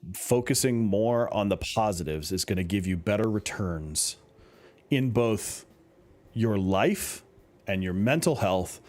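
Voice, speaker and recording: Low-voiced dude on a podcast, real slow, lots of ums, calm advice. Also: male voice. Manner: measured advice with many pauses and fillers. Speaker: podcast co-host. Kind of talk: casual podcast chat.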